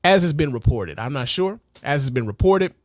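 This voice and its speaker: A man hosting a podcast in a loose, casual way, swearing often, filling pauses with fillers and asking the listener rhetorical questions. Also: on the high side, lively intonation, no room sound, studio quality. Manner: loose, profane, heavy with fillers. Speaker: podcast host.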